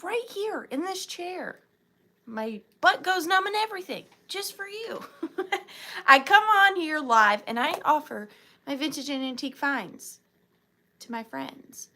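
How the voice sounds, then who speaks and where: A woman's voice: high voice, sing-song, a little slow, pushed and bright. A young woman with a Southern US accent, sleepy, hosting a chatty live vintage sale from a chair at home and cooing at her pet rabbit in sing-song baby talk. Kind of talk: chatty live stream greeting viewers. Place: home room, seated in a chair.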